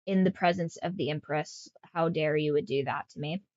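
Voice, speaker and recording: A woman's voice: deep voice, normal speed, darkish tone, no room sound, lo-fi sound, voice pushed down, natural voice. A woman doing a haughty empress cat. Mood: indignant. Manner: indignant, imperious scolding. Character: haughty female cat, self-styled empress.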